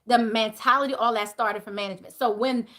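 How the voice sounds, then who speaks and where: High, bright-voiced woman ranting emphatically. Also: fairly even intonation, quick pace. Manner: emphatic and profane, swinging between loud outbursts and low asides. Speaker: spiritual reader hosting a live stream. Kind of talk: casual storytelling rant.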